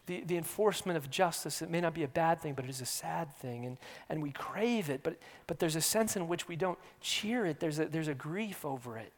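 A man preaching an earnest sermon, repeating his words and shifting between hushed near-whispers and loud emphasis. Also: fairly high pitch, expressive, a little fast, few pauses. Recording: long hall reverb.

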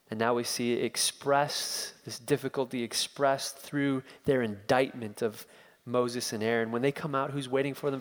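Male preacher, expository sermon, dramatic and questioning, reverberant hall. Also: medium pitch.

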